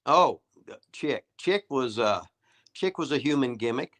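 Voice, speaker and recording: A man's voice: medium pitch, expressive, measured pace, fairly bright tone. An older man, a retired wrestler hosting a show and telling rambling, folksy stories with swearing and laughs. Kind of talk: casual storytelling chat.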